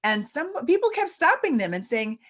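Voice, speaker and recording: A woman's voice: high voice, very animated, moderate pace, a bit bright. Earnest woman teaching a church group. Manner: earnest, conversational teaching with restarts and emphatic repetition. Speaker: visiting scholar and speaker.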